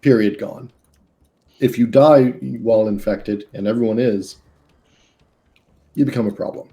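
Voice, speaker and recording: A man running a tabletop game over a video call, explaining the rules in a relaxed, rambling way. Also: medium pitch, measured pace. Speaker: game master.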